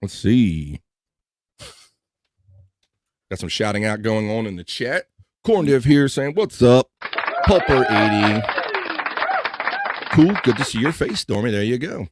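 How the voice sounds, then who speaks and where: A man's voice: medium pitch, very animated, unhurried, noisy background. A man with a slight Mid-Atlantic American twang hosting a live podcast show, chatting casually and restarting his sentences as he goes. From Mid-Atlantic United States. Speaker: podcast host. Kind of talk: casual live-stream chat.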